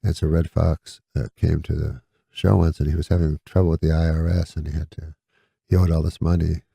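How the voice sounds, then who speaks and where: A man with a low, gravelly voice spins long, rambling anecdotes in a dry, deadpan manner, often breaking into a chuckle at his own tales. The sound is close and dead, with no room around it. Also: a little fast, no echo. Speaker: comedian guest. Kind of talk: casual anecdote storytelling.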